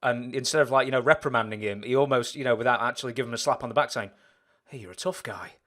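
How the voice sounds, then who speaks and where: A man's voice: mid-range voice, steady tone, racing, a bit bright. A man conducting an interview, asking casual follow-up questions.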